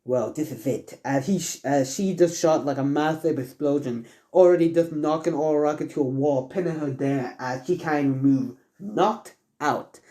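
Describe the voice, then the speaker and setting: A man's voice: a little high, moderate pace, hardly any pauses, dark tone. A man casually narrating a fan story, rambling and stumbling with lots of fillers.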